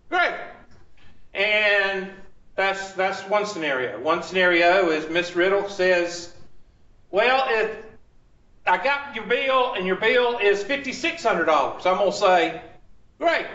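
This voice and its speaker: A man's voice: high-pitched, sharp tone, roomy sound, muffled recording. A man teaching a class, quizzing the students and repeating their answers, with chatty asides to himself about the equipment. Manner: chatty, talks to himself over tech trouble. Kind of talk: classroom lecture.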